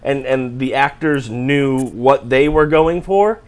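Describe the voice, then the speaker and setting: A man's voice: mid-range voice, takes it slowly. A man co-hosting a casual comedy chat, rambling and restarting as he tells stories. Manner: rambling, stammering storyteller. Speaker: co-host.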